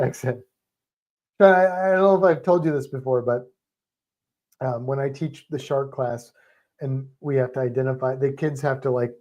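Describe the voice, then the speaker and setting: A man co-hosting a livestream, chatting casually with viewers in a rambling, animated way and often breaking off mid-sentence. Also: medium pitch. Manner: rambling, self-interrupting, animated storytelling. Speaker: livestream co-host.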